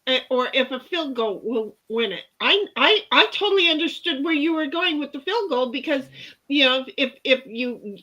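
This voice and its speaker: A woman's voice: sits high, a bit bright. A woman co-hosting a casual livestream, reading chat messages aloud and chatting in a rambling, laughing way. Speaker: livestream co-host. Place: home office in a garage.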